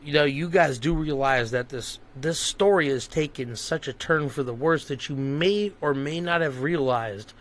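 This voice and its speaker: A man's voice: fairly high pitch, normal speed, hardly any pauses. A man hosting a casual podcast, joking with his guest in loose, playful banter. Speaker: podcast host.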